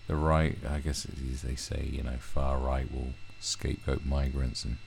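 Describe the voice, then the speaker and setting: A man's voice: rumbling low, little pitch movement, normal speed, gravelly, a little mellow, slight background noise. A man ranting through a commentary video, swearing heavily and often restarting his sentences. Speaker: commentary vlogger.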